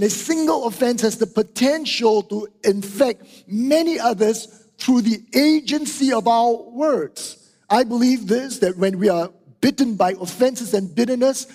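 Hall reverb surrounds a middle-aged Singaporean pastor whose voice is extremely high-pitched and darkish in tone. He preaches at a measured pace, emphatically repeating key phrases and regularly asking "right?" and "okay?".

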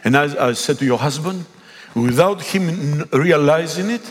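A middle-aged man from Greece with a Greek accent, preaching a sermon and telling a story with emphatic, animated delivery. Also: fairly high pitch, normal speed, breathy edge. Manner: animated, emphatic, acts out dialogue. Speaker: pastor. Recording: echoey hall.

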